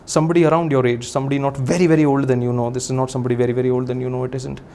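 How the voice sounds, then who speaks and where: A man's voice: mid-range voice, flat delivery, racing, warm tone, slight background noise. A young man with an Indian English accent, hosting a live magic act with playful, teasing, theatrical commands on stage before an audience. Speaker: comedian and magician host.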